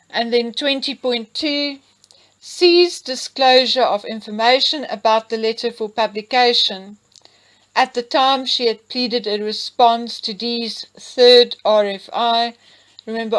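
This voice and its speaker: A woman reads legal text aloud at a slow, deliberate pace. Her voice sits a little high. She often stops to talk straight to her listeners and stress a point. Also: rough recording. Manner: emphatic asides to listeners. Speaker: commentator reading a legal document. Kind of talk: reading aloud with commentary.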